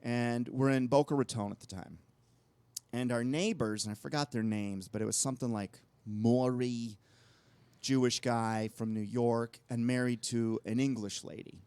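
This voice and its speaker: A man's voice: medium pitch, fairly even intonation, moderate pace, a little mellow, smooth, dry recording. A man co-hosting a talk show, telling long rambling anecdotes in casual conversation. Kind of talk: casual storytelling chat.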